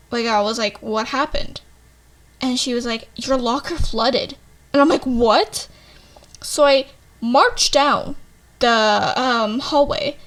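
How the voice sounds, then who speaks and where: A woman's voice: on the high side, a bit bright. A young woman casually telling a storytime tale, full of fillers and "like," and swearing freely. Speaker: vlogger.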